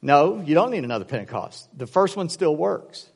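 A man's voice: on the high side, normal speed, vocal fry, husky. A man preaching a sermon, telling stories and acting out voices as he goes. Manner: storytelling, animated, acts out voices in jokes. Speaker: pastor. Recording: long hall reverb.

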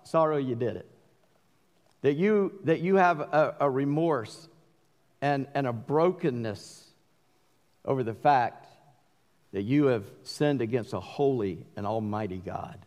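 A middle-aged man with a Southern accent preaching a sermon, mixing forceful emphatic bursts with folksy asides. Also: mid-range voice. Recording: long hall reverb.

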